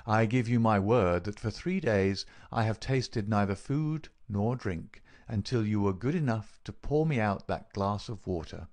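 A man voicing a clever, calm detective who explains his plans in a measured, dry way. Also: lowish voice. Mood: explaining.

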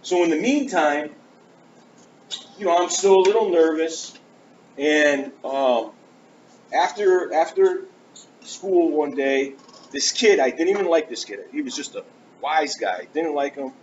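A man with a voice a little above average pitch delivers a storytelling sermon in church. He speaks earnestly and with animation, slipping into the voices of people he quotes. The sound is muffled and lo-fi, with a light hiss behind it. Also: a little slow, pauses often. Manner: earnest, animated, acts out conversations. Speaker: preacher giving his testimony. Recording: dull lo-fi church recording with faint hiss.

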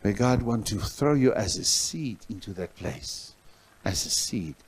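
A male pastor from South Africa preaching a sermon in a church, telling a story with loud outbursts that drop to soft asides. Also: lowish voice, expressive, a little slow, husky.

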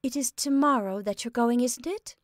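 A woman voicing a merry young woman with a small, soft voice and a light, bubbling manner. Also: a little high, moderate pace, no room sound, studio quality, pitched above the performer's own voice, lightly acted. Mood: amused.

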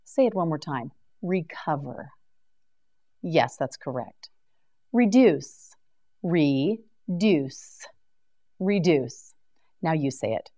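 A woman leads a vocabulary drill at an extremely unhurried pace, pronouncing each word with deliberate care. Her voice sits slightly low, and she repeats every word patiently for the listener to copy. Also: expressive, dark tone. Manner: slow, carefully articulated, repeats words for practice. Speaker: English vocabulary teacher. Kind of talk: slow scripted vocabulary drill.

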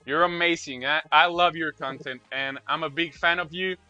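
A man streaming a game live, talking to his chat in an excitable way, repeating himself and gushing thanks. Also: fairly high pitch, normal speed, smooth, no echo, dull audio, faint music behind. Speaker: Roblox streamer.

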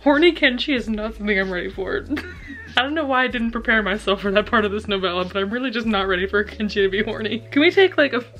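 A woman's voice: medium pitch, fast talker, a bit bright, low-quality recording. A young woman vlogging her live reactions to a book, gasping, shrieking and swearing freely, recorded on a camera at home. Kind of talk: casual reading reaction vlog. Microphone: camera on a stand.

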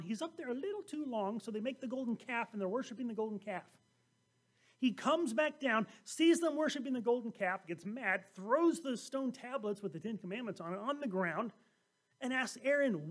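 High-voiced pastor preaching with animated storytelling. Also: male voice, moderate pace. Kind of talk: sermon.

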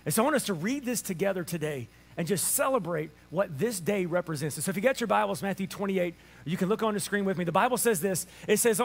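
A man preaching an Easter sermon as pastor, animated in his storytelling and acting out the voices of people in his stories. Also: high voice, fast talker, vocal fry, soft background music. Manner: animated storytelling, acts out dialogue.

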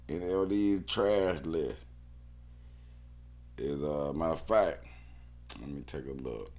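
Very deep gravelly man muttering. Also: big pitch swings, a little slow, pauses often, darkish tone. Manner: muttering to himself, slangy, exclaiming. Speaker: sports bettor. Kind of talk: casual betting talk, thinking aloud.

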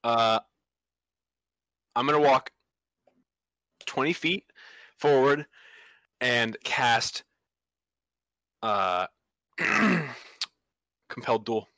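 A man's voice: medium pitch, expressive, extremely slow, long pauses, pushed and bright, no echo. A man playing a tabletop game in casual chat, stammering, laughing often and joking. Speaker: player.

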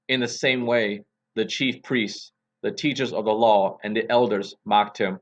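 A man, a pastor, reading scripture aloud and opening a devotion in a measured, deliberate way. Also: fairly low pitch, fairly even intonation.

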